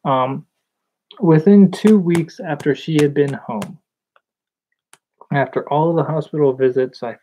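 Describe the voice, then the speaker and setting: A young woman telling a personal story in a vlog, hesitant and halting, with nervous laughs. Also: deep voice, mellow, slight background noise. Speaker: vlogger. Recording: slightly dull lo-fi recording.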